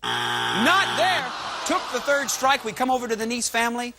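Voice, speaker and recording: A man's voice: extremely high pitch, steady tone, quick pace. A man hosting a game show, joking and teasing contestants. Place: television studio with audience. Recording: loud studio audience and noise.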